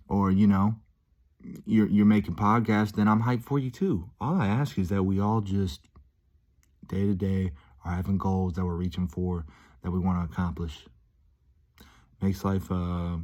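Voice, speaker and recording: A vlogger with a low, mellow voice rambles cheerfully to his viewers in a casual monologue to camera. He fills his talk with "dude," lots of "um"s and restarts. The recording's high frequencies are cut off.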